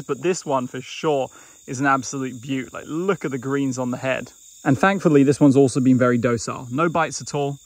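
A man's voice: on the high side, no room sound, poor audio. A man vlogging outdoors at night in a jungle, chatting with enthusiasm about the snakes he finds, with a handheld camera mic. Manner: enthusiastic, chatty, breaks into quiet asides. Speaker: reptile field herper. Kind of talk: casual nature vlog narration. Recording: outdoor night with loud insect noise. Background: insects and crickets at night.

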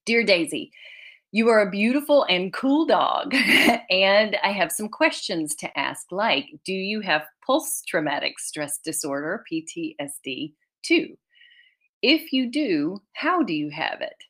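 A woman's voice: mid-range voice, very animated, measured pace, fairly bright tone. Tearful woman author, laughing often. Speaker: children's author. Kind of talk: conference presentation reading letters.

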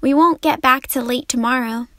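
A woman reads a calm, kindly farm wife in an audiobook. Her voice rises high and bright with eagerness, yet stays patient and sensible. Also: normal speed, no room sound. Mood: eager.

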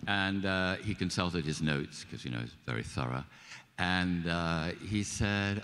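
A man's voice: low voice, measured pace, a little hiss or hum. An older man, a guest actor, telling stories at a live panel and acting out quoted dialogue. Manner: animated, acts out quoted dialogue. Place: live event stage. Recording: long hall reverb.

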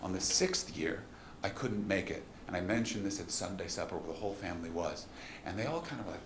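A young man doing a live stand-up routine, self-deprecating and anxious, bursting into shouted quotes. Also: deep voice, expressive, quick pace, noisy background. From Canada. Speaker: stand-up comedian. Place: festival comedy venue stage. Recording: echoey live room with loud audience laughter.

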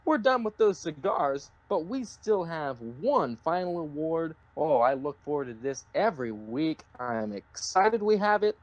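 A woman's voice: sits low, expressive, a little slow, hardly any pauses, no echo. A woman co-hosting a casual racing podcast, who jokes, teases and swears freely. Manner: joking, teasing, swearing. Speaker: podcast co-host. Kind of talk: casual sports podcast chat.

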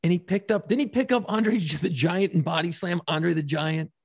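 A middle-aged man co-hosting a podcast, telling stories in an animated way with swearing and bursts of laughter. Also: high-pitched, normal speed, vocal fry, slightly rough, no echo, studio quality. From New Orleans area. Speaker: podcast co-host. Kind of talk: casual chat.

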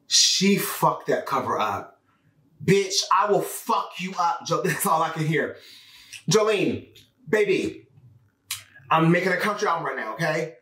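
A man giving loud, sassy, profane reaction commentary on music. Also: a little high, lively intonation, unhurried, pauses often, far from the mic. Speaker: pop culture commentator. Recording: echoey room, off-mic, faint music.

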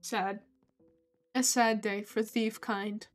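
High-voiced swearing woman game streamer. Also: lively intonation, takes it slowly, pauses often. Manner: swears freely, exclaims loudly at enemies. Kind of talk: casual gameplay commentary. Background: faint game music.

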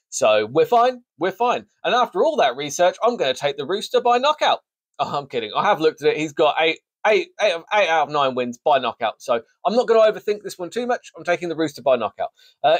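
A man's voice: a little high, dry recording. A man hosting a sports show, casually previewing a fight card with jokey, rambling, self-mocking asides. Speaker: sports podcast host.

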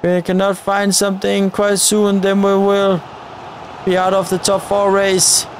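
This gaming channel host speaks in a high voice with completely flat delivery at a measured pace, with a little hiss or hum in the background. He addresses viewers directly while urging on the players in his football video game.

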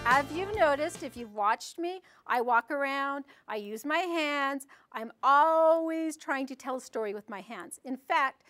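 An animated woman leading a storytelling workshop, with a high, bright voice. Her delivery is theatrical and full of energy as she addresses a live group.

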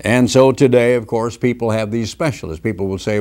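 A man's voice: mid-range voice, fairly quick, few pauses, darkish tone. Older man, sermon from a home study, conversational, mimics other people's voices. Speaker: preacher.

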